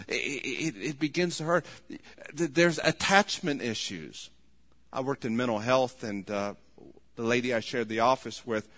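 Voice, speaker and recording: A man preaching a sermon in an earnest tone, voice rising to loud pleading when he quotes. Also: mid-range voice. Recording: long hall reverb.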